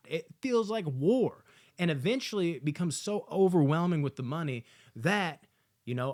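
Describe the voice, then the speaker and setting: A man giving a casual, excited movie review, swearing often and acting out lines from the film. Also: on the high side. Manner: excited, profane, acts out quotes.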